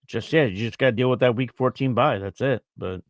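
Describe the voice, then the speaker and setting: A man's voice: medium pitch, a little fast, no echo, studio quality. A man co-hosting a casual fantasy football show, reading viewer questions aloud and thinking through answers with easy fillers.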